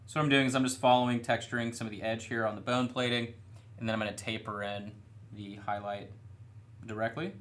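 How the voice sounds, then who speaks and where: A young man with a medium-pitched voice speaks fairly quickly as he paints miniatures on a live stream from a studio room. His chatter is casual, a little rambling, and self-deprecating.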